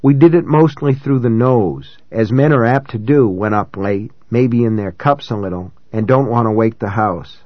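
An audiobook narrator with a middling-pitched male voice reads a first-person novel in a calm, reflective way. His delivery stays measured and even, and the recording is dry, close and slightly dull, with no room sound.

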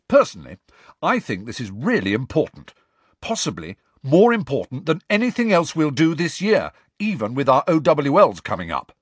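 Reader doing a self-important schoolboy, grandly declaiming, husky and dry. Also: male voice, a little high, wildly swooping pitch, moderate pace, dry recording, voice pushed up, heavily acted. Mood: pompous. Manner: pompous, declaiming.

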